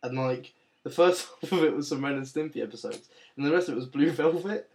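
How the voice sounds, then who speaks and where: A man's voice: medium pitch, quick pace, crowd noise. A young man hosting a casual podcast chat, telling stories with lots of energy. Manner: animated storyteller, jumps into quoted voices. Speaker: podcast host.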